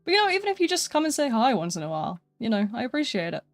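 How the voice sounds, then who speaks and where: A woman's voice: a little high, very animated, racing, no room sound, faint music behind. Giggly British woman streaming. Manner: chatty, giggly, playful. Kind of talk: casual live-stream chat while gaming.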